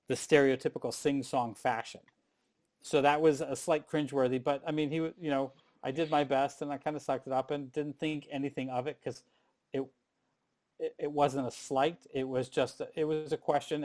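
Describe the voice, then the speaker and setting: A middle-aged man speaks on a live panel and recounts his career in an easygoing, chatty way. He often restarts his sentences, and his voice sits in a plain middle register. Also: medium pitch. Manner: animated storyteller, frequent restarts. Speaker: panel guest, performer. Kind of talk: casual storytelling on a panel.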